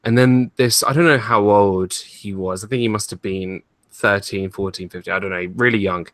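Low-voiced British man in casual chat. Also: fairly even intonation, normal speed, no room sound. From United Kingdom. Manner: easygoing, reads chat questions aloud, amused storytelling. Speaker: podcast co-host.

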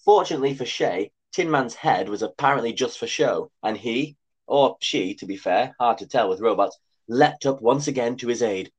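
A man's voice: medium pitch, animated, moderate pace, husky. Dry man reading a comic story. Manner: dry, wry asides. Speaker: podcast host reading his story. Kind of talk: comic scripted narration.

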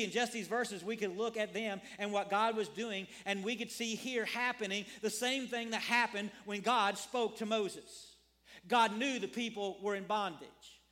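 A man's voice: sits high, a bit bright. A man preaching a sermon as a pastor, earnest, repeating phrases and asking his congregation questions.

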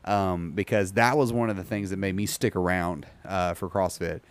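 A man hosting a casual podcast, rambling with many ums and reading an article aloud haltingly. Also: sits low, steady tone, clear, resonant tone, no echo. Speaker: podcast host.

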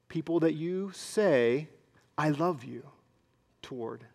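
A man preaching a sermon as pastor, swinging between loud emphasis and hushed, near-whispered asides. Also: on the high side, takes it slowly, gravelly, pauses often.

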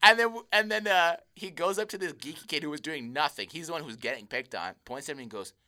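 A young man co-hosting a casual chat podcast, telling stories in an animated way, swearing freely and acting out quotes. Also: fairly high pitch, fast talker. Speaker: podcast co-host.

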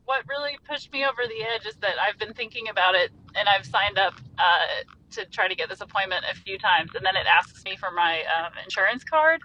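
A woman's voice: mid-range voice, a little fast, bright, forceful tone, highs cut off, a little hiss or hum. A young woman co-hosting a casual chat, chatty and self-deprecating, laughing often. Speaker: podcast co-host.

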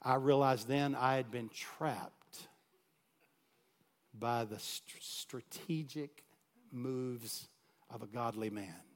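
Man telling a sermon story, loud to hushed. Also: mid-range voice, slow, long pauses. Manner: animated, swings from loud to hushed. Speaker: pastor.

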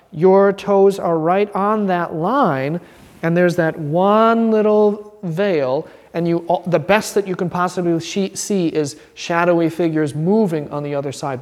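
A man teaching an informal Bible class as a pastor, earnest and animated, acting out quotes and restarting his sentences. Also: a little high, in a large hall.

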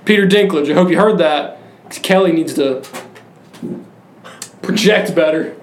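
High-voiced young man, joking podcast host. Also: unhurried, slight background noise. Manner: joking, teasing, laughing often. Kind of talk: casual chat. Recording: roomy room echo.

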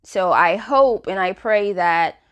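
A woman's voice: medium pitch, slow, fairly bright tone, clean tone. Chatty woman hosting a self-help podcast. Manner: chatty, frank, many "you know" fillers. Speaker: podcast host. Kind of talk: casual self-help talk.

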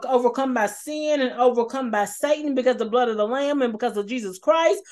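A woman preaching an emotional, repetitive sermon and sharing her own testimony of struggle. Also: on the high side. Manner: passionate, repetitive, emphatic; shares personal testimony.

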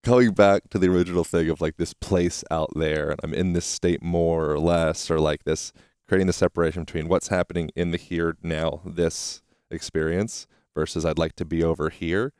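A man's voice: sits low, fairly even intonation, moderate pace, a little mellow, clean tone, no echo, clean studio sound. A young man hosting a podcast interview outdoors, rambling and searching for his words. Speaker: podcast host. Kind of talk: casual interview chat.

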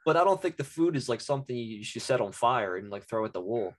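A man co-hosting a laid-back podcast, with a mid-range voice. He rants in an animated way, full of "like" and casual swearing. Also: medium pitch, fast. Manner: animated, ranting, swears freely. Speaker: podcast co-host. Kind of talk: casual chat.

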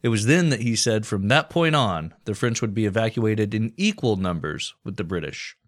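A man's voice: lowish voice, animated, moderate pace. A man co-hosting a comedy podcast, narrating war history in a casual, profane, joking way. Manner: storytelling with crude jokes and profanity.

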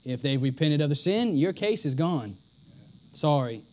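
Emphatic high-voiced male preacher. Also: lively intonation, a little slow, darkish tone. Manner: emphatic, repeats lines for stress. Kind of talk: sermon.

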